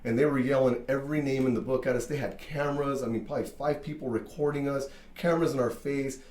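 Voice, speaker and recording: A man who owns a barbershop telling a story in casual chat, animated, full of fillers and swearing. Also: medium pitch, fast, reverberant. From Mexican-American from Southern California. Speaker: barbershop owner.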